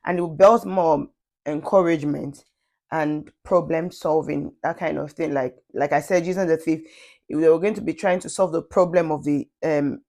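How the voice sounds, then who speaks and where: A woman's voice: low voice, steady tone, moderate pace, warm tone. A woman vlogger talking through her views in a casual, thoughtful monologue, often restarting sentences and adding conversational asides. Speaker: parenting vlogger.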